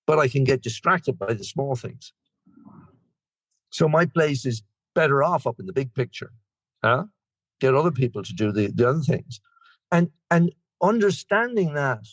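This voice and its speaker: Chatty older Irish man, fairly high. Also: lively intonation, normal speed, pauses often, no echo. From Ireland. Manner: rambling, chatty, self-deprecating humor. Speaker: guest speaker. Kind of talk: recovery meeting share.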